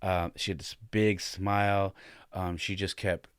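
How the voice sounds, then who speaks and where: A man with a low, deep voice tells a story from his own life in a relaxed, chatty way. He often stops and restarts his sentences. The sound is dry, with no room echo. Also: unhurried, clear, resonant tone. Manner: loose and conversational, many fillers and restarts. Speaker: podcast host and father. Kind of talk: casual personal storytelling.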